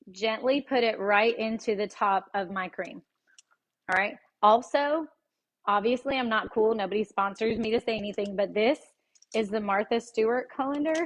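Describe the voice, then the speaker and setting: A woman's voice: on the high side, slight background noise. Chatty woman cooking at home. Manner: chatty and folksy, often laughing, addressing viewers directly. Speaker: cooking show host. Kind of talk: casual live cooking demonstration. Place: home kitchen.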